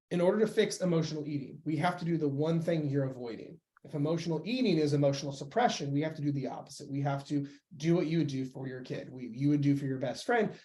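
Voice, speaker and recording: A young man talking as a podcast guest and weight-loss coach, emphatic and animated in casual conversation. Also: fairly high pitch. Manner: emphatic, animated, acts out quoted voices.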